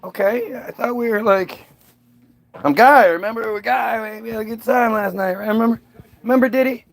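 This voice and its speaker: A man voicing a confused young man in a raised, panicky voice. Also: a little fast. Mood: pleading. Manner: high, squeaky, panicky.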